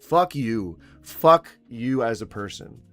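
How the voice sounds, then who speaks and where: A man's voice: medium pitch, expressive, takes it slowly, a bit bright, faint music behind. A man giving profane, mocking reaction commentary, often breaking into laughter. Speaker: commentary YouTuber. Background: faint smooth jazz.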